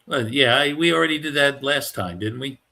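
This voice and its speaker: A male co-host with a bright, forceful tone joins a casual political discussion. He speaks bluntly and drops short sarcastic remarks. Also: medium pitch, fairly quick, gravelly.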